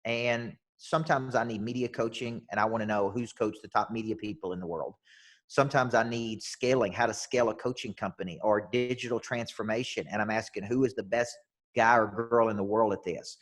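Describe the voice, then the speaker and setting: An American business coach appears as a podcast guest, telling stories with energy and emphasis. His voice is on the low side and fairly even in intonation, a bit fast, and he often repeats his opening words as he starts a sentence.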